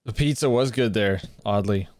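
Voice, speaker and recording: Lower-voiced man gushing about food. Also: moderate pace, a little mellow, no echo. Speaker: podcast co-host. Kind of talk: casual podcast chat.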